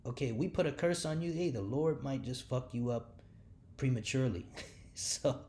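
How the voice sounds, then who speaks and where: Man, mid-range voice, informal scripture commentary: heated, profane, keeps saying "man", mumbles quick low asides. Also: mellow, slight background noise. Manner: mutters asides low and fast. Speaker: religious speaker.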